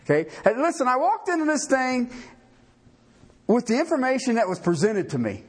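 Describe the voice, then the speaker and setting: A man's voice: very high voice, very animated, moderate pace, husky. A man preaching a sermon to a live congregation, folksy and joking, often asking questions and stumbling over his restarts. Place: church before a live congregation.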